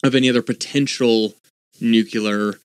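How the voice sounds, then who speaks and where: A man in casual podcast chat who mulls ideas out loud and reads passages from articles. His voice sits at an ordinary pitch for a man, and the recording is dry and close, with no room sound. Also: steady tone, normal speed, smooth, no echo. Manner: thinking aloud while reading articles, restarts and fillers. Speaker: podcast co-host.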